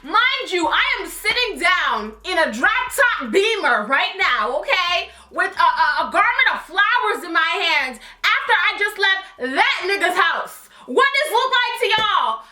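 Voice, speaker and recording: High bright young woman. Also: normal speed. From Toronto area, Canada. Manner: animated, acts out everyone's lines. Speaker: vlogger. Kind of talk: casual storytime. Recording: echoey room.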